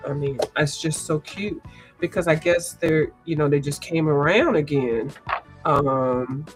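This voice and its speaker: A woman, chatting casually and rambling as she hosts a coloring livestream, sounding congested and clearing her throat. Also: lowish voice. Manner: chatty, rambling, lots of asides and restarts. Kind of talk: casual chat.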